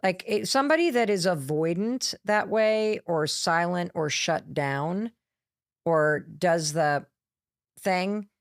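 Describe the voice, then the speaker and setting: A middle-aged woman, a motivational speaker appearing as a podcast guest, telling a candid, lively story and acting out quotes as she goes. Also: on the low side, slow, dry recording, clean studio sound.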